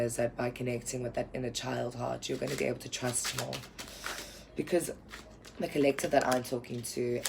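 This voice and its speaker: A woman's voice: rumbling low, gravelly, background noise. A woman giving a spiritual tarot reading to camera, rambling and earnest with lots of fillers. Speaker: tarot reader.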